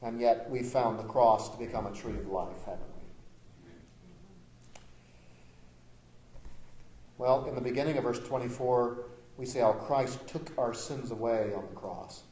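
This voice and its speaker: A man preaching a sermon as pastor. He is emphatic, rising to loud declarations and dropping to quiet asides. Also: medium pitch, steady tone, normal speed, reverberant, muffled recording.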